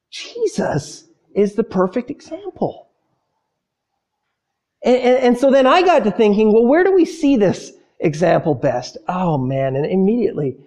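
A man preaching a sermon to women, telling stories with lively acted-out voices and slowing down softly on key phrases. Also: high-pitched. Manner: animated storyteller, acts out panicked voices; slows and softens on key phrases.

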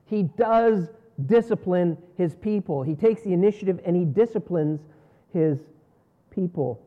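A man preaching a sermon in an earnest style, rising on key words and falling low at the ends of phrases. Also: measured pace. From North America. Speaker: pastor. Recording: dull lo-fi sound.

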